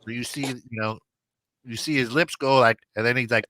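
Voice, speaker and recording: A man's voice: medium pitch, fairly even intonation, brisk, noisy background. A man co-hosting an internet radio talk show, chatting casually and telling rambling stories full of restarts and acted-out quotes. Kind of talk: casual chat.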